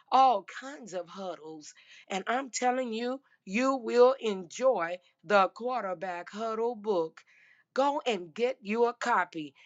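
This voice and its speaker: A woman hosting a casual football talk show, emphatic and folksy, her voice going hoarse. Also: on the high side, lo-fi sound. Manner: emphatic, repeats "I'm telling you" and "baby". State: losing her voice. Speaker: sports podcast host.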